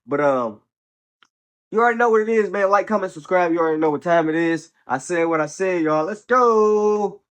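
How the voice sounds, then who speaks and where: A man with a somewhat high-pitched voice gives casual football commentary as the show's host. He talks bluntly and stands by his opinions, in slangy, profane speech dotted with "bro" and "man". He sounds a little under the weather from being sick. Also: moderate pace, fairly bright tone.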